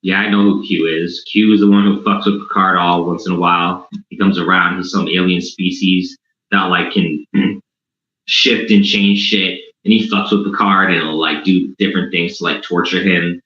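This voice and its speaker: A man with a very deep voice rambles bluntly and profanely in casual chat. The audio is dull and roomy. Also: level tone, moderate pace, bright, forceful tone. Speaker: stream panelist.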